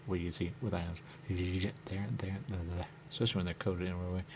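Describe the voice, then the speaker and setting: A man's voice: low voice, flat delivery, a little fast, noisy background. A man hosting a radio show, talking in a rambling, repetitive solo monologue and saying the same catchphrase again and again. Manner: repetitive, drifting, says "there you go" often.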